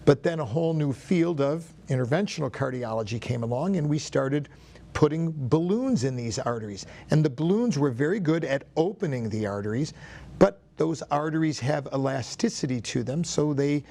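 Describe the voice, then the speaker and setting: A man who is a cardiologist, explaining heart disease in a studio interview in a measured way. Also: on the high side, animated, gravelly, warm tone. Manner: measured explaining, some restarts. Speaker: cardiologist guest.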